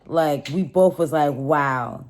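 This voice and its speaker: A young woman casually telling viewers a personal story, chatty and animated, calling them y'all. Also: low voice, slow.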